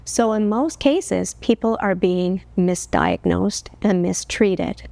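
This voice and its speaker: A woman's voice: mid-range voice, slow, vocal fry, warm tone, no echo. Earnest woman explaining health, dry studio. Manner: earnest, explanatory, rhetorical questions. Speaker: health educator guest. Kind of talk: explanatory talk-show interview. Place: television studio.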